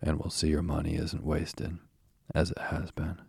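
A man reading an earnest, gentle male mole in a bedtime storybook, speaking gravely and sincerely. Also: a bass voice, monotone, a little slow, no room sound, clean studio sound, exaggerated voice.

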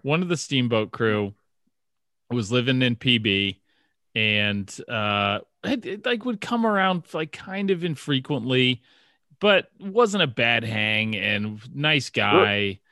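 A man's voice: mid-range voice, big pitch swings, slow pace, sharp tone, no room sound, clean studio sound. A man co-hosting a sports podcast, chatting casually and rambling through stories with lots of fillers and restarts. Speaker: podcast co-host.

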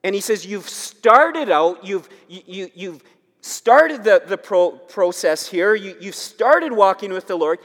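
A male pastor preaching a sermon, emphatic and repetitive, swinging between loud urging and quiet asides. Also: high-pitched, moderate pace. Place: church sanctuary. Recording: long hall reverb.

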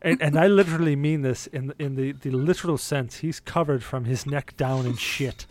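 A man's voice: medium pitch, moderate pace, darkish tone, no echo. A man hosting a podcast, telling a story casually, laughing often and repeating words as he restarts his sentences. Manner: laughs often, stumbles and repeats words when starting a thought. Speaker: podcast host.

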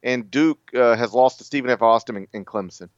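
An American man co-hosting a casual sports podcast, joking and laughing as he talks, with lots of quick restarts. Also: mid-range voice, no echo, muffled recording. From United States. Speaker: podcast co-host.

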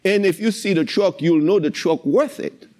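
A man's voice: high voice, moderate pace, a little mellow. A man sharing a faith testimony about his Christian literature business, telling it in an earnest, emotional way and repeating himself as he goes. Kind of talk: personal faith testimony, storytelling. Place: in his warehouse.

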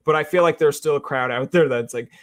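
A man hosts a casual podcast chat, his voice sitting a bit high for a man. He jokes freely and rambles, stringing thoughts together with plenty of fillers. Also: fast. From Newfoundland. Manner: joking, rambling with many fillers. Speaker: podcast host.

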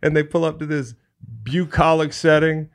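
A man co-hosting a sports podcast, telling a profane comic story with quick character voices in a casual chat. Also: a little high, fairly even intonation. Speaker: podcast co-host.

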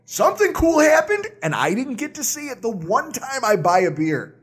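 A man co-hosting a podcast, telling a story in an animated, exasperated way. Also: very high voice, normal speed, breathy edge. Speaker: podcast co-host.

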